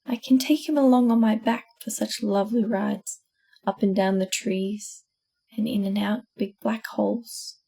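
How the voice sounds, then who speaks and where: Woman reading as a sneaky soft snake lady, breathy and slow, low-key creepy. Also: fairly even intonation. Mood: sly. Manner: soft and shy, coaxing. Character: sly, sweet-talking female snake.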